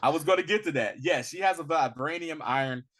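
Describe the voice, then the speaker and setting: Animated slangy male podcast host. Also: on the high side, a little fast. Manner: animated, slangy, acts out quotes in bursts. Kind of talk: casual movie review chat.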